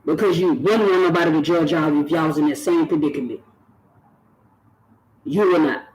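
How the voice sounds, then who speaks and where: A man's voice: fairly high pitch, moderate pace, darkish tone, a little hiss or hum, low-quality recording. A man, talking earnestly to camera on his own channel and repeating phrases for emphasis. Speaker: YouTube channel host. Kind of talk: direct-to-camera talk.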